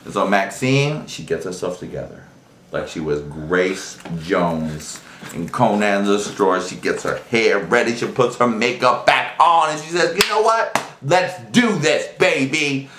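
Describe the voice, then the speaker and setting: A man's voice: low-pitched, unhurried. A man hosting a casual video chat, telling a story and acting out the voices of the people in it. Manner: animated, acts out quoted voices. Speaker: vlog host. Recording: echoey room, faint noise.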